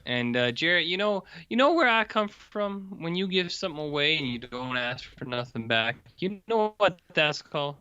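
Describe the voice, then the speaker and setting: Bright, lively man, dry close mic. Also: fairly high pitch, normal speed, hardly any pauses, smooth, dry recording, dull audio. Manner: deadpan joker, riffs with silly voices. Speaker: podcast co-host. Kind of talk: casual film review chat.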